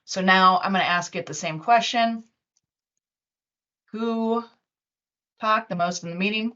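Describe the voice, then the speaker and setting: A woman's voice: medium pitch, a little slow, bright, forceful tone. Chatty woman presenting over dull call audio. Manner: chatty, loose, with many fillers and restarts. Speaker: webinar presenter and user group organizer. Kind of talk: casual live webinar demo. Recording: dull lo-fi online meeting audio.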